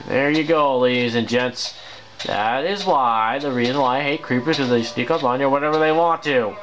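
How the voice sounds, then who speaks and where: A man's voice: mid-range voice, normal speed, noisy background. A man giving casual gameplay commentary as host, grumbling and breaking into exasperated exclamations. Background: game music playing clearly.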